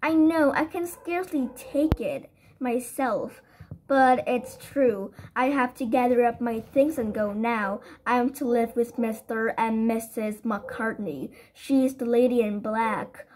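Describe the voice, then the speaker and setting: A woman reading an audiobook, voicing a timid, tearful young orphan girl with a soft, breathless, pleading voice. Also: fairly high pitch, unhurried, slight background noise, close to an everyday voice. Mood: tearful, wistful. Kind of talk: audiobook character voice.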